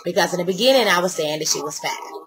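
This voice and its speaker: A woman's voice: lowish voice, quick pace, low-quality recording. An older woman telling a story casually and sassily to camera, acting out what others said. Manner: animated, sassy, acts out quotes. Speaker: vlogger.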